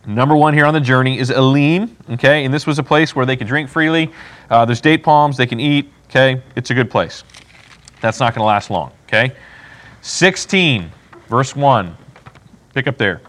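Leading a casual Bible study, a man speaks at a moderate pace in a medium-pitched, fairly bright voice. He talks conversationally, acts out what people would say, and often checks in with "okay?"

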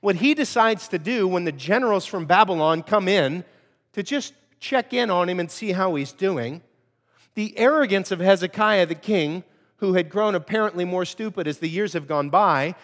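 A pastor preaching a lively sermon and acting out the people he quotes. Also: high voice, moderate pace, long reverb tail.

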